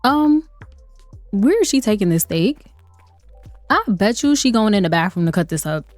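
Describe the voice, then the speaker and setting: A woman's voice: mid-range voice, big pitch swings, normal speed, dry recording, faint music behind. A woman giving playful, chatty commentary over a life-sim game, laughing often. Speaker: let's play host. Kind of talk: gameplay commentary.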